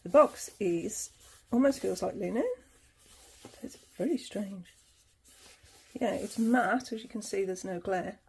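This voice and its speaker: A woman's voice: medium pitch, measured pace, gravelly, long pauses, breathy edge. A woman hosting her tarot channel, chatting casually through an unboxing, laughing easily and reading passages aloud.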